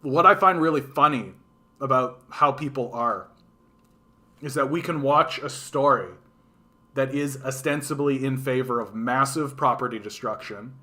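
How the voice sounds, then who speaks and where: Profane, bright-voiced ranting man. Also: mid-range voice. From Canada. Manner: profane, animated, mocking quoted voices. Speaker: livestream host. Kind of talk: casual ranting monologue.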